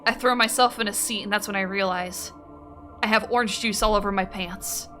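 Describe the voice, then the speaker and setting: A woman streamer reading out viewer confessions and reacting in an animated way, often breaking into laughter and swearing freely. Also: medium pitch, fairly quick, soft background music. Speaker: streamer host.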